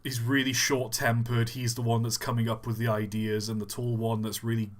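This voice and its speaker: A man's voice: medium pitch, fairly quick. A man co-hosting a live stream, chatting casually and rambling with lots of "like". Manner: animated, rambling with many likes. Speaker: stream co-host.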